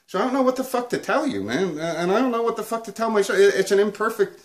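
A man's voice: sits high, lively intonation, quick pace. A man hosting a comedic guitar video, ranting crudely and swearing nonstop. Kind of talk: profane comedic rant to camera.

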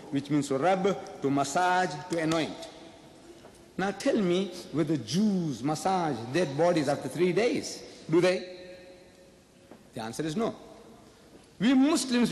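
A man's voice: a little high, darkish tone, a little hiss or hum. A man giving a public debate speech, firing off rhetorical questions and repeating his points for emphasis. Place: large lecture hall. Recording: echoey hall with faint ambience.

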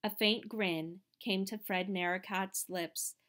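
A woman narrating an audiobook in a measured, expressive reading voice. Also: medium pitch. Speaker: audiobook reader.

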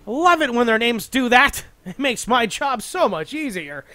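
A young man calling a video game match solo as play-by-play commentary, rapid and excitable, with joking asides about himself. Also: very high voice. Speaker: esports caster.

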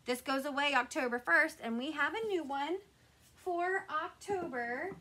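A woman's voice: high-pitched, unhurried, pushed and bright. A woman hosting a live crafting stream, chatting casually and greeting her viewers by name.

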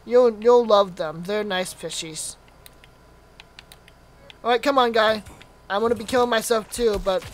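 A woman's voice: mid-range voice, fairly bright tone, a little hiss or hum, poor audio. A young woman casually commenting on her own gameplay, chatty and playful, laughing often and yelping when hit. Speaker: gaming channel host.

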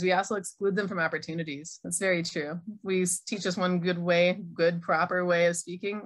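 A woman's voice: on the low side, fairly bright tone. A middle-aged woman from Minnesota with an American accent, giving a conversational keynote talk and reading audience chat replies aloud. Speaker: keynote speaker, Arabic teacher. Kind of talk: online conference keynote.

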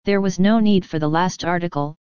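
A woman's voice: fairly low pitch, a little fast, darkish tone, clean tone, no room sound, lo-fi sound, natural voice. A woman voicing an earnest male vagabond adventurer in plain, blunt talk.

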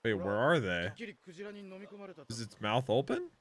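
A young man hosting a casual anime reaction video, excitable and exclaiming, swinging between hype and dismay. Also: on the low side, measured pace.

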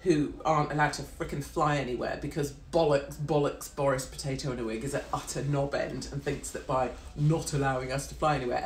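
A woman, hosting a blunt, profane and mocking ranting monologue. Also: sits low. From Britain. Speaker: host. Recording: echoey room.

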